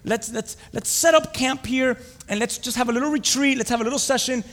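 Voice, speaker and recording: A man voicing an excitable male apostle who gushes loud, rapid-fire plans and questions, in a reverberant hall. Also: very high-pitched, pitched above the performer's own voice. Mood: gushing.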